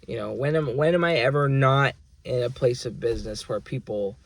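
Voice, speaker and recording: A man's voice: mid-range voice, normal speed, vocal fry. A man vlogging, ranting in a rambling, profane and aggrieved way about being ignored at work. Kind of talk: casual venting monologue.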